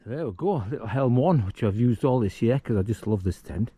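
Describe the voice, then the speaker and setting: A man's voice: mid-range voice, lively intonation, brisk, dark tone, husky, no room sound. A man vlogging casually outdoors on a damp hillside at dusk, chatty and self-mocking, wandering off into asides while he looks for a camp spot. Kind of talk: casual outdoor vlog talk.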